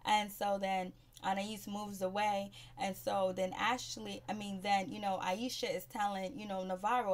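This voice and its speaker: A woman giving a casual, slangy recap of a TV show, chatting in an animated way. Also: mid-range voice, moderate pace, hardly any pauses.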